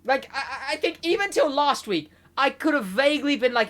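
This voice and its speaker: A young man co-hosting a casual podcast, rambling and animated, laughing often. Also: extremely high pitch, brisk. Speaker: podcast co-host, gaming segment host.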